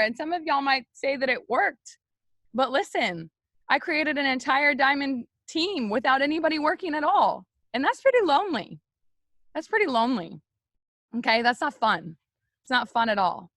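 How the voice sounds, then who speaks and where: A young woman leading a team, giving a loud, energetic, chatty motivational talk straight to her viewers on a live stream. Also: sits high, normal speed, no echo, clean studio sound. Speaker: network marketing team leader on a live stream.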